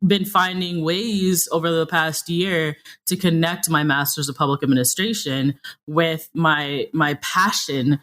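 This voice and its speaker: A young woman from New City, a podcast guest talking in a lively, slangy, casual way with the odd swear. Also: low-pitched, unhurried. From New York City. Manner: animated, slangy, swears casually, jumps into mock dialogue. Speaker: podcast guest, content creator. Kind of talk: casual interview chat.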